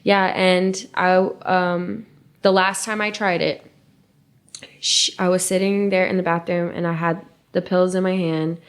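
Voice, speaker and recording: Young woman with a lower voice, telling a raw personal story on a podcast; halting, emotional, quiet at the hard parts. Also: clean tone. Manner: emotional, halting, soft and hushed at painful moments. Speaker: podcast co-host.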